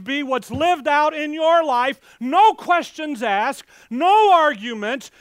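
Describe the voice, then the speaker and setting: In a very high voice, a pastor gives a fiery, animated sermon, moving between loud bursts and quiet asides. He speaks to the congregation in a folksy, direct style, with no room sound.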